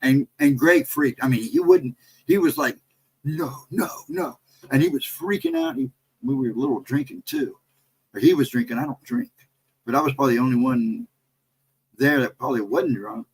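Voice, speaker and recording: Man, middle-aged, American accent, husky voice, lively swinging pitch, rambling casual storytelling. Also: a little fast, low-quality recording. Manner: rambling, animated storyteller who reads out chat. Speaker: livestream host.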